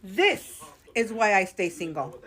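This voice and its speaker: A slightly tipsy woman talks into her phone camera from a hotel room, venting in a loose, chatty way. She keeps addressing her viewers as girl and y'all. The voice sits at a middling pitch. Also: big pitch swings, measured pace, a bit bright. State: a little tipsy. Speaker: vlogger. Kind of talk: casual storytime vlog.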